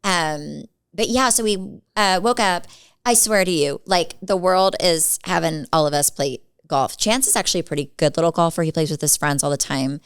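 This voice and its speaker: A woman in her forties co-hosting a podcast, telling animated stories in casual chat and acting out other people's lines. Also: lowish voice, moderate pace, clean tone, no echo. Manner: animated storyteller acting out quotes. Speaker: podcast co-host.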